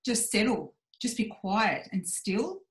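A woman in her forties, a podcast guest, speaks slowly in a sing-song, mid-range voice. Reflective and candid, she acts out her own inner voice while telling her story. The recording has a roomy echo.

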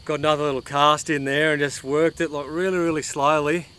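An Australian man vlogging his fishing outdoors, excitedly talking to the fish and the viewers as he fights and lands it. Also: a little high, a little fast, smooth. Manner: excitable, chatty, swears and laughs while fighting fish. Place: outdoors on the water.

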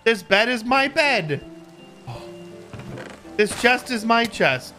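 A man streaming a game, excitable and loud, swearing and exclaiming as he plays. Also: high voice, normal speed, faint music behind. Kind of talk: live gameplay commentary.

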